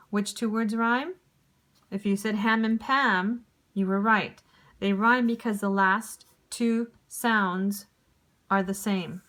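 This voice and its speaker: A woman teacher giving a recorded lesson to young pupils, speaking clearly and deliberately. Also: medium pitch, fairly bright tone.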